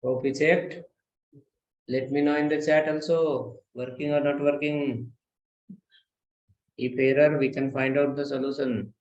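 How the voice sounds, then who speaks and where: A man teaching a live web design lesson, walking through each step slowly and quizzing his class. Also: mid-range voice, little pitch movement, darkish tone, roomy sound, dull audio. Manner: slow, step-by-step explaining, asks the class questions.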